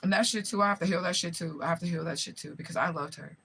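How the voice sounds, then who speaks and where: A woman around forty, a spiritual medium, races through an emotional direct-to-camera vlog in a lowish, fairly bright voice with vocal fry and a breathy edge. She's raw, profane and rambling, often asking listeners whether they follow her. The recording is rough.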